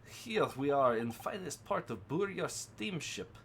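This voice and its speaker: Guy doing a gruff russian sailor voice, broken english, lots of hiss behind. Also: medium pitch, huge pitch swings, measured pace, darkish tone. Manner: broken English, dropped articles, heavy put-on Russian accent. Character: gruff burly Russian male sailor, blunt and suspicious. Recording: noisy background hiss.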